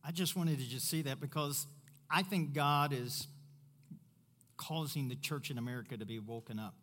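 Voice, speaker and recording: A man's voice: mid-range voice, moderate pace, a bit bright, big-room sound. A pastor preaching a sermon emphatically, repeating his key points for weight.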